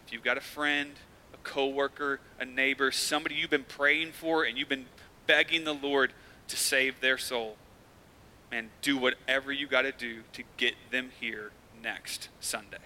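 A man preaching a sermon as the pastor, talking casually and swinging from hushed lines to loud bursts. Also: medium pitch, fairly even intonation, moderate pace, poor audio.

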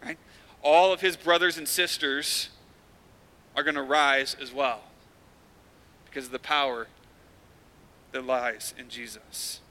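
A man preaching a sermon as the pastor, talking casually and swinging from hushed lines to loud bursts. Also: mid-range voice, steady tone, takes it slowly, long pauses, rough recording.

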